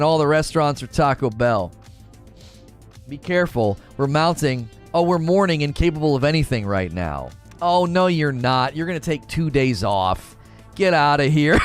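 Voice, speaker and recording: A man from the United States hosts a casual stream and reads chat messages aloud. His voice sits a little high and swings widely in pitch. He laughs often and trips over quick restarts, with faint music playing underneath. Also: smooth. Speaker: streamer host reading chat.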